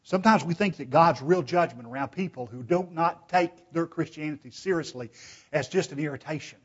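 A man's voice: fairly high pitch, brisk, husky. A man preaching a sermon in a church. He is emphatic, asks rhetorical questions and calls the listeners brethren. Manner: emphatic, shifts from loud urging to hushed pleading. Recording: dull, lo-fi recording.

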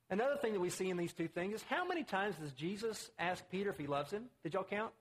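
A man's voice: lively intonation, fast, hardly any pauses, husky. A man preaching a conversational sermon, acting out the quotes he reads. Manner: conversational, acts out quotes with rising pitch.

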